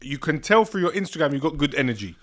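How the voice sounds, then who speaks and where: A man's voice: fairly high pitch, sing-song, fast, fairly bright tone. A man hosting a podcast, interviewing a guest casually with short encouraging replies. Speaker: podcast host.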